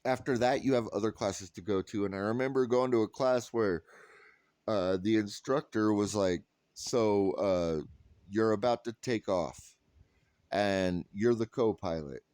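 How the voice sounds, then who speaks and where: A man's voice: on the low side, measured pace, darkish tone, clear, resonant tone, no room sound. A man in his thirties telling a funny story in a casual vlog, quoting people and laughing often. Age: 30s. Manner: rambling with restarts and "like". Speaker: vlogger.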